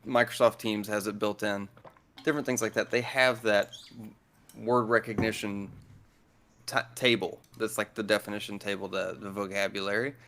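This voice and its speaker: Dry, blunt man with a lowish voice. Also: fairly even intonation, normal speed, fairly bright tone, slight background noise. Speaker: guest. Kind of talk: casual chat.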